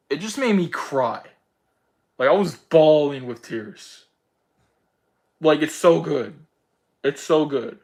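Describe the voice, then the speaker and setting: A young man hosting his channel in casual chat, rambling excitedly and filling his talk with "like" and "bro". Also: medium pitch. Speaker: channel host answering viewer picks.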